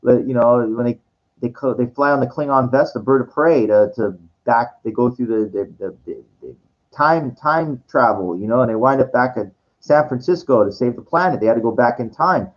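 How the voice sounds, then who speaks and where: A man's voice: medium pitch, moderate pace. Rambling man telling a story, lo-fi. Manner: rambling, full of restarts and swearing; acts out quoted voices. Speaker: vlogger telling a personal story. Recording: dull lo-fi recording.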